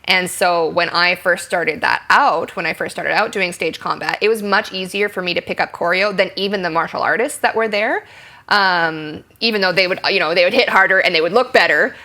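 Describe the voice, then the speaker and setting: Bright-voiced woman explaining acting. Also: on the low side, a little fast. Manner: chatty, explains with acted-out example lines; frequent ums and likes. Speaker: actress, interview guest. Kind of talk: candid interview conversation.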